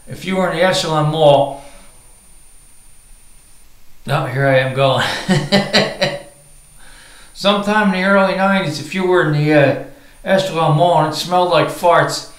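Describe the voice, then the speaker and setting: A man's voice: fairly high pitch, fairly bright tone, roomy sound, poor audio. A man telling a crude comic story from the bathroom, rambling and swearing, with many filler words. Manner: rambling, profane, lots of uh fillers.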